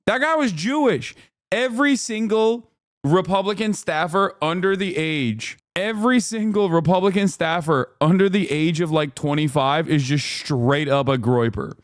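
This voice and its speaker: Profane sarcastic streamer ranting. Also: male voice, fairly high pitch, no echo, clean studio sound. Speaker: streamer reacting to video. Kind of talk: livestream reaction commentary.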